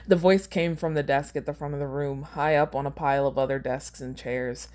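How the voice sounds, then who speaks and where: A woman's voice: low voice, fairly even intonation, brisk, hardly any pauses, darkish tone. A woman hosting a podcast, reading her own fan fiction aloud and chatting casually about it, laughing at her own lines.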